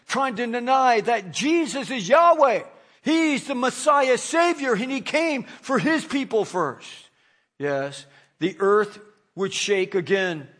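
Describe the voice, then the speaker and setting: A male pastor giving a lively, joking sermon that acts out the people in the passage. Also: sits high. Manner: animated, jokey, acts out quoted figures.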